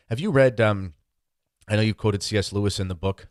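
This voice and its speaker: A male podcast host with a fairly low voice, recorded dry and close. He speaks in a relaxed, conversational way, dropping in fillers as he goes. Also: brisk, dry recording. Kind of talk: casual conversational interview.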